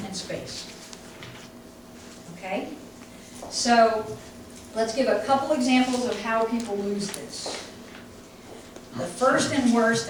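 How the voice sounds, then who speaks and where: Woman dog trainer lecturing in echoey room. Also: a little high. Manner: conversational, emphatic, acts out owners' voices. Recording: echoey room from far off, faint noise.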